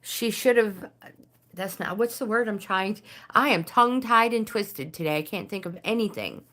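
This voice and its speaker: An older woman hosting a casual live stream, reading oracle cards to viewers and often pausing to search for words. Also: mid-range voice, bright, forceful tone. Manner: hesitant, searching for words, many fillers.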